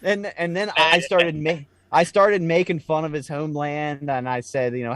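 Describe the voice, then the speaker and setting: A man co-hosting a casual podcast, telling stories with loose swearing and rising excitement. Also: fairly high pitch, moderate pace, few pauses, no echo. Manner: storytelling, swears freely, animated when excited. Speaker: podcast co-host.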